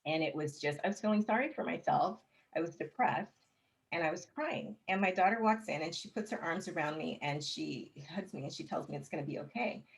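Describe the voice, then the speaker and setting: Interview guest, female, slightly low pitch, candid, expressive storyteller with a light humorous streak. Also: brisk, rough recording. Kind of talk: casual personal storytelling.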